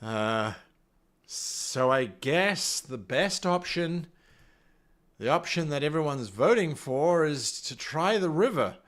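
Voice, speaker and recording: A man's voice: on the high side, lively intonation, takes it slowly, fairly bright tone. A man acting as game master, reading a solo adventure gamebook aloud and chatting with his live viewers, thinking aloud with playful asides.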